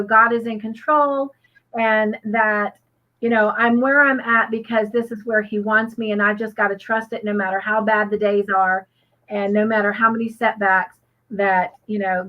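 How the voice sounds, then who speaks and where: A woman's voice: mid-range voice, highs cut off. A woman, co-hosting a casual crochet livestream, rambling earnestly with many fillers and restarts. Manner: earnest and grateful.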